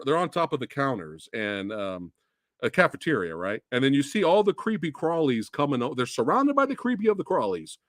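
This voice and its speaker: Animated, profane man ranting about a movie. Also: a little high, no echo, clean studio sound. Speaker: movie reviewer host. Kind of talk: ranting live stream review.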